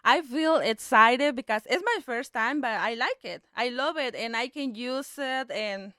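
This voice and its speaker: A woman guest singer giving brief, soft-spoken answers in a casual chat. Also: fairly high pitch, a little slow, no echo, studio quality.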